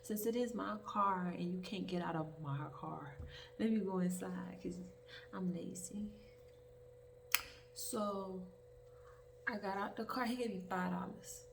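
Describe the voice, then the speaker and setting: A woman's voice: medium pitch, slow, creaky, pauses often. A young woman, telling a rambling, profane story in a casual storytime vlog. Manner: rambling, profane, animated storytelling with many asides. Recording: distant mic, faint background hiss.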